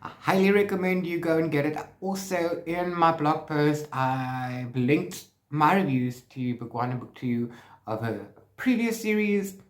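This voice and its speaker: A man's voice: a little high, measured pace. A man vlogging about his reading, chatting casually and often correcting himself mid-sentence. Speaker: book vlogger. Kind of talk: casual book review chat. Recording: roomy echo.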